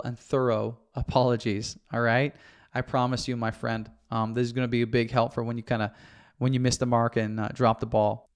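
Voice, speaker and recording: A man's voice: medium pitch, clean tone. Man coaching listeners on apologies. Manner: coaching, repeats "okay?" to check in. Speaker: podcast host. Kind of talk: instructional podcast talk.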